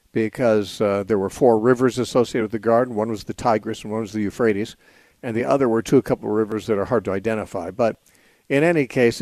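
Measured male radio Bible teacher, dry studio sound. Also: lowish voice, a little mellow, no room sound. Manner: measured, explanatory, with frequent "uh" pauses. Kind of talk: unscripted call-in radio teaching. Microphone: studio microphone.

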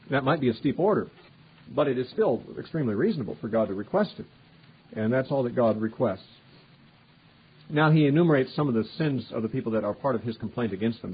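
His husky, medium-pitched voice carries a verse-by-verse Bible lesson: he reads each verse aloud, building emphasis, and follows with an easygoing, conversational explanation. It's captured on a dull lo-fi recording.

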